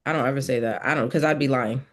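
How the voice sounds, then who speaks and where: A woman's voice: very deep voice, fast talker. A woman on a discussion panel who speaks frankly and directly.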